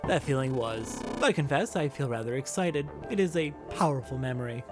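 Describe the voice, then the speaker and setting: A cold, sadistic male killer, put on by a performer reading a game aloud, unhurried and polished as he gloats. The voice is mocking and precise, and its pitch swings widely between lines. Game music plays behind it. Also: expressive, natural voice. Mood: gloating.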